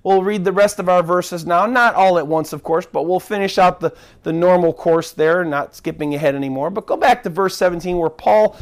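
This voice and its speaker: A man's voice: high voice, a little fast, hardly any pauses. A man preaching a sermon as pastor, earnest, often repeating and restarting his words.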